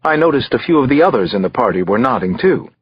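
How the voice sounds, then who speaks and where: A male audiobook narrator reads a thriller fast and expressively, his husky voice rising and falling a lot in pitch. The recording is dry, close, and slightly dull, with no room sound.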